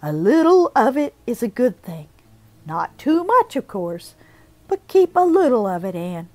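A woman voicing a shy, gentle older man who speaks softly and hushed. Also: a little high, big pitch swings. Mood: tender. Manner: soft, hushed, slow.

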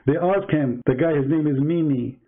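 A man's voice: fairly high pitch, normal speed. A man hosting a heated live debate, mocking and taunting his opponent in broken English. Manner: broken, non-native English grammar. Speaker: debate host. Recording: tinny phone-like line.

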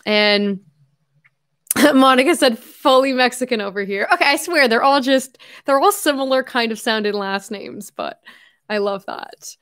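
A young adult woman hosting a casual livestream from home, chatting effusively and reading viewer messages aloud with quick asides and self-corrections. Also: a little high, a bit bright. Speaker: livestream host.

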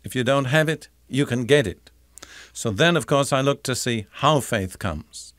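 An older man teaching the Bible in a deliberate, emphatic sermon style, repeating key phrases. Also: medium pitch, expressive, a bit bright, dry recording, studio quality.

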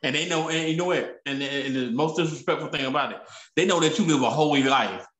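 A man preaching with halting, stammering restarts, and he reads scripture aloud. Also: a little high, a bit bright. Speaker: prophet. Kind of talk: preaching on a prayer broadcast. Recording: echoey room.

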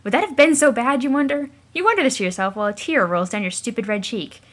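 A woman's voice: on the high side, fast, a bit bright. A woman hosting a let's play, reading a webcomic aloud in a sarcastic, mocking narrator's voice.

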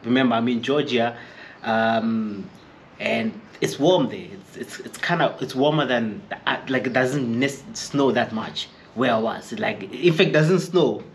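A man's voice: medium pitch, unhurried, slight background noise. A man from Africa, telling stories to camera in a chatty, rambling way and acting out the people he quotes. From Eastern Free State, South Africa. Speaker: chef vlogger. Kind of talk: casual storytelling to camera.

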